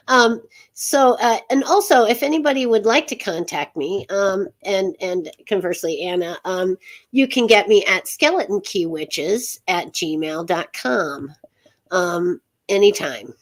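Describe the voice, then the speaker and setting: Woman, talk show host, mid-pitched, chatty, rambling, frequent laughs. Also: animated, unhurried. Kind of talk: casual chat show interview.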